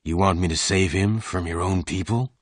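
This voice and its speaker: Soft-spoken stranger gunman voiced by a man, deep, slow and polite, dry sound. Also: dry recording. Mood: calm. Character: big quiet polite gunman from Texas.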